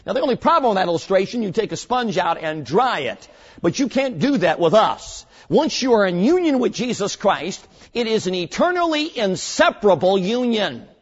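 A man preaching a sermon to young people, earnest and emphatic, slowing down to stress key words and telling stories with short acted voices. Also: sits high, very animated. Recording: muffled, long hall reverb.

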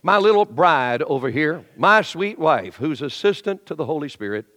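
A middle-aged male pastor preaching a lively sermon in a church, acting out the voices of complainers and shifting to quiet storytelling. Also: a little high, moderate pace. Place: church sanctuary. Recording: long hall reverb.

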